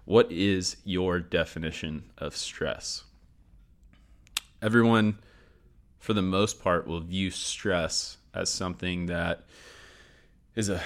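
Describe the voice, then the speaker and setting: A man's voice: deep voice, fairly bright tone. A man hosting a sport and performance psychology session, upbeat and repeating his key points. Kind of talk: scripted educational talk.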